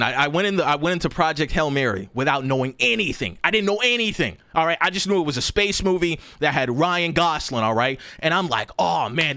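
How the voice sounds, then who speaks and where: A young man streaming a casual, animated rant to his chat, swearing often and jumping up in pitch to stress a point. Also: no room sound.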